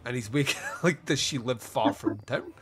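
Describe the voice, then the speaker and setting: A man's voice: mid-range voice, moderate pace. A man hosting a podcast and chatting casually about a film, rambling, swearing and laughing often. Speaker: podcast host. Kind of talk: casual film review chat.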